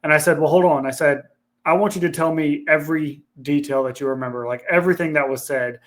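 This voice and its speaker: A man's voice: a little high, fairly even intonation, quick pace. A man with a slightly raised voice speaks candidly about his past, earnest and unguarded. He talks like a podcast guest sharing something personal, with the odd curse word thrown in. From Ohio, USA. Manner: earnest, candid, swears casually. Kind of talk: emotional personal storytelling.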